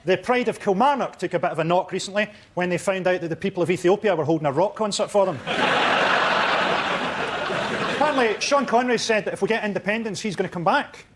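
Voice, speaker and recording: A man's voice: high-pitched, quick pace. Sardonic dry-witted male comedian. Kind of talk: panel comedy. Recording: noisy studio.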